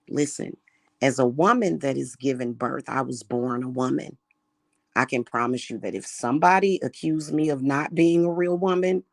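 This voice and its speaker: A woman's voice: a bass voice, vocal fry, no echo, studio quality. A woman delivering a heated, profane vlog rant, repeating her points. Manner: heated, profane, repetitive ranting. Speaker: spiritual reader and vlogger. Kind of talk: angry monologue vlog.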